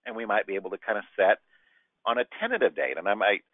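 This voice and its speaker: A man's voice: on the low side, fast talker, no room sound. A man teaching a sales training session, acting out short client exchanges as he goes. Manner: animated, acts out client exchanges. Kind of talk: training talk with role-played dialogue. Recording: dry tinny phone-like line.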